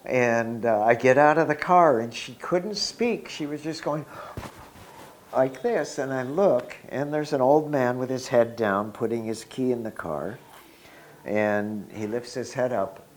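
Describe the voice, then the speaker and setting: A man in his sixties telling a personal spiritual story in an unhurried, reflective way, with soft laughs. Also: fairly low pitch, slight background noise.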